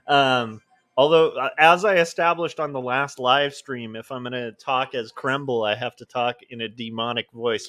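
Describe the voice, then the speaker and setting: A man's voice: mid-range voice, steady tone, measured pace, a bit bright. A man in his forties talks casually to his viewers from home in a mid-range voice. He rambles, stumbles over words, and restarts sentences often. He makes easygoing, self-deprecating asides. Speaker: illustrator hosting his own livestream. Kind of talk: casual livestream chat.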